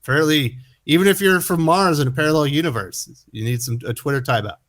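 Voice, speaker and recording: A man's voice: fairly high pitch, fast talker, a bit bright. A man hosting a comic book commentary, sarcastic and incredulous, often chuckling at what he reads. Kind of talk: opinion commentary.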